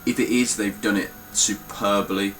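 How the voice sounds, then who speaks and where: In an unhurried, fairly even delivery, a young man casually shows off his game collection, blunt and cursing freely. His pitch is fairly low and his tone fairly bright, and the low-quality recording has a little hiss or hum.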